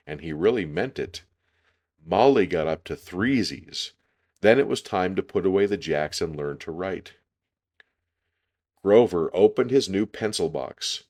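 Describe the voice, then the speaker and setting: A man reading a children's picture book aloud, calm and deliberate. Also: low-pitched. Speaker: storyteller.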